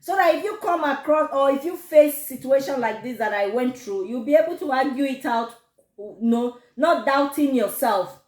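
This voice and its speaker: Woman, Nigerian accent, casual storytelling, high and swooping voice. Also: moderate pace. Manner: animated, laughs often, gives advice. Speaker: vlogger telling a storytime. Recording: echoey room.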